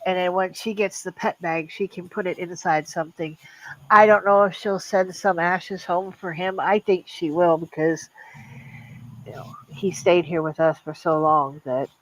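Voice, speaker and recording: An older woman, a guest in a casual chat, talking haltingly with many restarts about a loss. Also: fairly low pitch, steady tone, poor audio.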